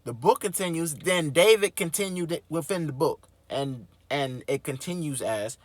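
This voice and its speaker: A man hosting his own show, reading a book aloud and breaking off into animated, slangy, swearing commentary. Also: on the high side, moderate pace, few pauses, dry recording. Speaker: host.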